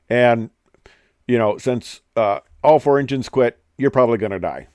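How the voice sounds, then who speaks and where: A man's voice: medium pitch, normal speed, a little mellow, no room sound, dull audio. A man, an airline pilot, telling an aviation story in a casual, rambling way with many hesitations.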